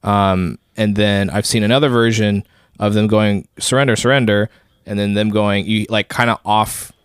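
A man co-hosting a podcast, talking in casual chat with quick interjections. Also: lowish voice, fairly even intonation, clear, resonant tone, no echo, studio quality. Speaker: podcast co-host.

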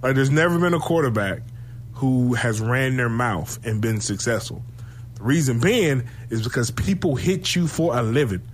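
A man chatting casually about football, animated and profane, telling stories and laughing often. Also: medium pitch, normal speed, slight background noise. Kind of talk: casual sports chat.

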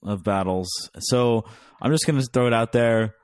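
A man's voice: medium pitch, normal speed, a little mellow, clear, resonant tone, no room sound, studio quality. A man co-hosting a casual podcast, joking around, spelling things out and laughing at his own lines. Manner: jokey, spells out words, laughs often. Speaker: podcast co-host. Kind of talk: casual chat.

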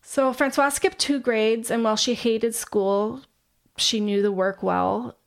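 A woman co-hosting a casual chat show, her voice carrying a steady vocal fry. She retells a story at an easy pace, loosely and with filler words. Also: a little high, measured pace. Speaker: podcast co-host.

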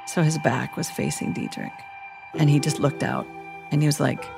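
A woman's voice: low voice, very animated, normal speed, vocal fry, music in the background. A woman chaplain, a podcast guest, telling a story in an earnest and tender way. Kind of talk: emotional storytelling.

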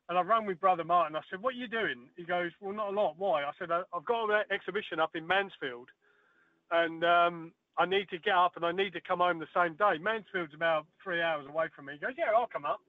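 High-voiced man on a phone line. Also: no echo. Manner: chatty storytelling with many fillers. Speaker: guest, former darts player. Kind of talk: casual phone interview. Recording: tinny phone line, dry.

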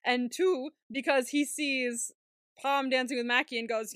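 A woman's voice: high voice, unhurried, dry recording, studio quality. A woman co-hosting a podcast, outspoken and swearing freely as she laughs through a casual episode recap. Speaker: podcast co-host.

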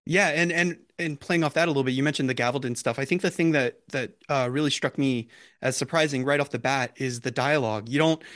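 A man's voice: mid-range voice, quick pace, a bit bright. A man hosting a podcast puts casual questions to a director. His delivery is conversational and loose, and he often starts his phrases over. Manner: conversational, stumbling restarts. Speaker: podcast host, interviewer.

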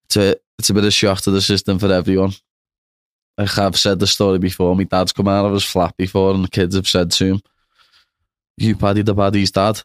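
A man's voice: deep voice, monotone, brisk, clean tone, no echo, clean studio sound. A young man with a Liverpool accent, chatting as a podcast guest and tagging on "know what I mean". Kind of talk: casual chat.

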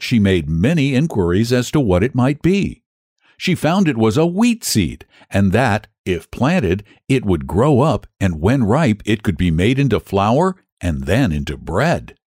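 A man narrating a children's storybook with a lively, sing-song delivery. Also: medium pitch, no echo, studio quality. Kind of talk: storybook reading.

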